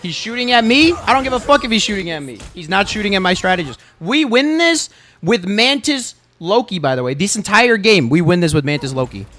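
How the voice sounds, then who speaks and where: A man's voice: sits high, very animated, brisk, a bit bright, slight background noise. A young man reviewing his own gameplay footage, insistent and emphatic, repeating himself and swearing freely. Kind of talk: gameplay video review commentary.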